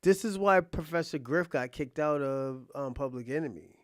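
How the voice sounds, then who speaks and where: Rambling man thinking out loud. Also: fairly high pitch, normal speed, smooth, no echo, studio quality. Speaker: reaction streamer. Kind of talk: casual commentary.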